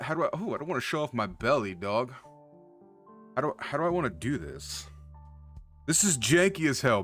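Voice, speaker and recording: A man hosts his own livestream, chatting casually and directly with his viewers in a hyped, loose, profane manner. His voice is mid-range with a fairly bright tone.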